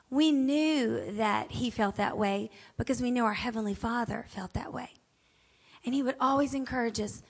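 A woman's voice: on the high side, moderate pace. A woman speaker giving an inspirational talk to a women's audience, emphatic and chatty, repeating affirmations, calling out amen and asking the room questions.

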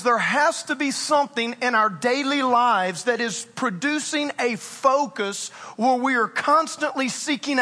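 A high, bright male voice preaching in his forties, with a slightly breathy edge. He tells jokes at his own expense and swings between lively storytelling and quiet stress. The sound rings with the long reverb of a large church hall. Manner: animated, self-mocking storytelling. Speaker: pastor. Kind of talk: sermon.

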